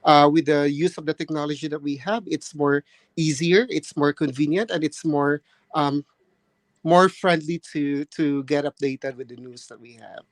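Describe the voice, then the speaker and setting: A man's voice: a little high, steady tone, normal speed, dry recording. A man answering mock speaking test questions hesitantly, with many fillers and restarts, and speaking politely. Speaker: nursing candidate practising for a speaking test. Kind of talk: mock exam answer and chat.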